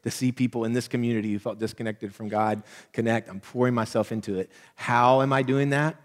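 Animated preaching man in a reverberant hall. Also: medium pitch, a little fast. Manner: conversational, animated preaching with frequent "right?". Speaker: pastor. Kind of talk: sermon. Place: church sanctuary.

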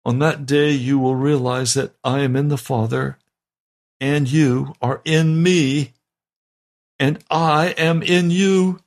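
Male pastor, sermon delivery, gravelly and fervent, emphatic repetition. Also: on the high side, steady tone, takes it slowly. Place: broadcast sermon.

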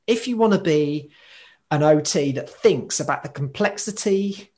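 A man in casual chat, talking as an occupational therapist, animated and prone to tangents. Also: on the high side, unhurried.

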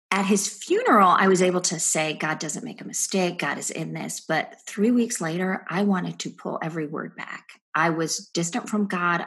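A woman's voice: fairly low pitch, breathy edge. A middle-aged woman, a podcast guest, earnestly telling her personal testimony in a reflective way. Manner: reflective, earnest storytelling with soft trailing phrases.

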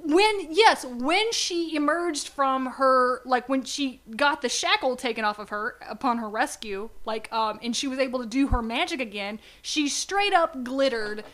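A woman co-hosting a casual podcast chat, excitable and prone to giggling. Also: high-pitched, a little slow, few pauses. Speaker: podcast co-host.

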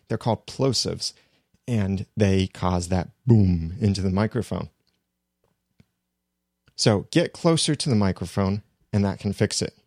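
A man explaining podcast recording in a relaxed, conversational teaching manner, close to a studio microphone. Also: low voice, unhurried, long pauses, no echo. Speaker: podcasting instructor. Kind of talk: instructional explainer. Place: small home studio room.

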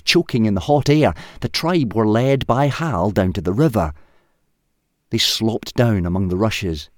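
A man reads a comic short story aloud, lively and expressive. His voice is very deep. The recording is dry, with no room sound. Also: dry recording. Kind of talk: storybook reading.

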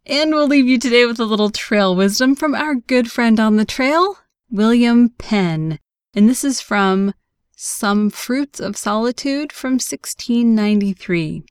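A woman's voice: fairly high pitch, lively intonation, measured pace, clear, resonant tone, dry recording, clean studio sound. A woman hosting an outdoor-advice podcast, talking casually and with a joking, chatty manner. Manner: chatty, joking, with light laughs. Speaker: podcast host.

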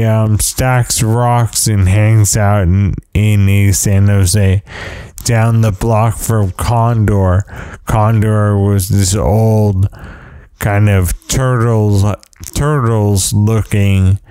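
A man hosts a loose, meandering podcast chat, telling stories and poking fun at himself. His voice is smooth and fairly low, with a mellow, warm tone. He takes his time, and the recording is dry and close. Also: dry recording. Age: parent of young kids. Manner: meandering storyteller with self-deprecating asides. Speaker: podcast host. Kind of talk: casual rambling chat.

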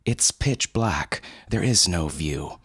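A man voicing a stubborn, teasing seventeen-year-old girl from the bayou, brisk and sassy. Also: sits low, lively intonation, fairly bright tone, slightly rough, no echo, studio quality, exaggerated voice. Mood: dry.

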